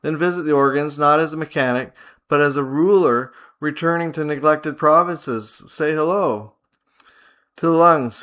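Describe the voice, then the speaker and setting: A man with a fairly high voice leads a spiritual visualization lesson. He speaks in slow, deliberate commands and repeats short phrases like a chant, in a steady, authoritative tone. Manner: slow, repetitive, chant-like incantations; commanding, measured instructions. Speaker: spiritual teacher. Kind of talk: guided visualization teaching.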